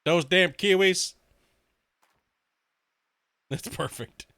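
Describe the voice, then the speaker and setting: This streamer's high, pushed, bright voice draws out his words as he plays a game live. Crude and laughing, he swears and rambles through stories with plenty of restarts, captured with clean, dry studio sound.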